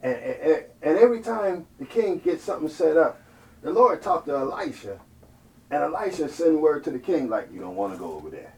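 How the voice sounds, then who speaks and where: A male preacher telling a story in a sermon, animated and playful, calling out to the congregation and building to loud peaks. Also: fairly high pitch, normal speed. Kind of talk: storytelling sermon with call-and-response. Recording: distant mic, faint ambient noise.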